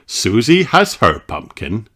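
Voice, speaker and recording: A reader narrating a children's picture book aloud in a slow, expressive way. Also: medium pitch. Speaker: storybook reader.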